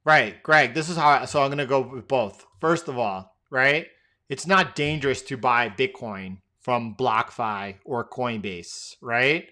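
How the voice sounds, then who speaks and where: A man's voice: mid-range voice, a little slow, sharp tone. A man hosting a live trading stream, answering viewer questions in a loose, rambling way with many fillers and restarts.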